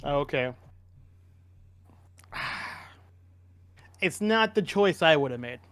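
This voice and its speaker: Podcast co-host, man, opinionated and rambling, slightly higher voice, dry recording. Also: expressive, slow, a bit bright, clear, resonant tone, no echo. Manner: rambling, restarts often, opinionated. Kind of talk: casual sports chat.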